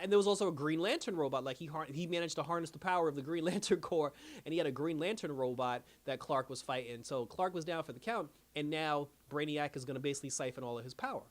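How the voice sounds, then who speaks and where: Animated man recapping with fillers. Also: a little high. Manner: rambling, animated retelling with many fillers. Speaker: episode reviewer. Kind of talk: casual recap monologue.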